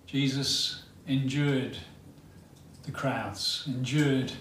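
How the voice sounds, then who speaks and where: A male preacher giving a sermon, retelling a story dramatically with long pauses. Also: mid-range voice, fairly even intonation, fairly bright tone, slight background noise. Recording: roomy hall, mic at a distance, faint ambience.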